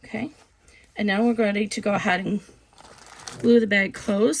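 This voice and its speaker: A woman casually explaining a sewing project step by step, relaxed and chatty with frequent ums. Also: mid-range voice, moderate pace, vocal fry, a little hiss or hum. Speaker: sewing instructor. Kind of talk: casual craft tutorial.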